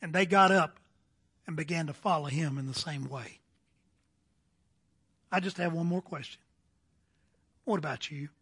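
A male pastor preaching a sermon, telling a story in slow, emphatic phrases that trail off quietly. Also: a little high, husky.

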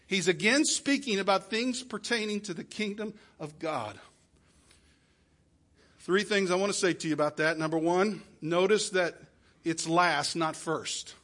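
A middle-aged man preaching a sermon as pastor, emphatic, swinging from loud peaks to hushed drops, recorded in a church. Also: high-pitched, unhurried. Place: church sanctuary.

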